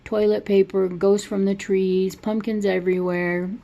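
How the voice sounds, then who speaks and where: A woman's voice: mid-range voice, flat delivery, a little slow, creaky, dark tone, muffled recording. A woman casually retelling a movie plot in a rambling, chatty way.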